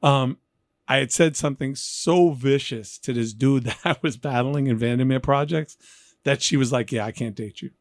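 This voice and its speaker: 50s guy from new york, hosting, jokey animated storyteller, mid pitch, dead dry room. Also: normal speed, dry recording. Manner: animated, joking storyteller who acts out quotes. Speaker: podcast host. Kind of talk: casual interview chat.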